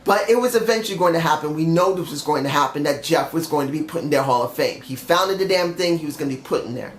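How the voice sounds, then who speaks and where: A man's voice: fairly high pitch, fast talker, reverberant. A young man reviewing a wrestling show on his own, ranting bluntly with some swearing while he is feeling sick. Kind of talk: opinionated solo review.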